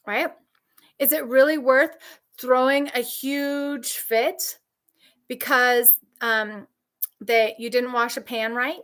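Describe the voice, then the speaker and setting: A woman coaching trauma survivors in a candid, emphatic talk, repeating key phrases and answering viewers. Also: a bit bright. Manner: mimics others' voices in high shrill outbursts.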